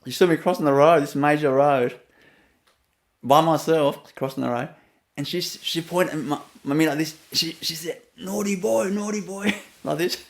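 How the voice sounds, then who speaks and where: Man, Vietnamese accent, fairly high voice, spiritual teacher, storytelling talk, frequent chuckles, many fillers. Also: fairly even intonation, normal speed. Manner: laughs often between phrases, hesitant with many fillers.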